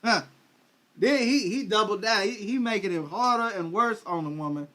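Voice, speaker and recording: High-voiced male preacher, streaming a Bible study; reads verses, then paraphrases them in slang. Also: moderate pace, a bit bright. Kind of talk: livestreamed Bible teaching. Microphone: livestream microphone.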